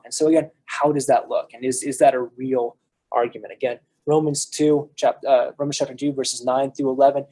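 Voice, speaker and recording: Soft-toned American man teaching a class. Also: medium pitch, husky, rough recording. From United States. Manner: conversational, frequent restarts and fillers. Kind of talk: casual lecture on a play.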